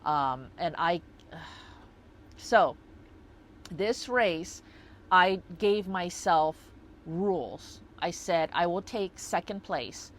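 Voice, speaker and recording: Slow, reflective woman vlogging. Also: lowish voice, animated. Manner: reflective, rambling with many fillers. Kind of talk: casual personal vlog.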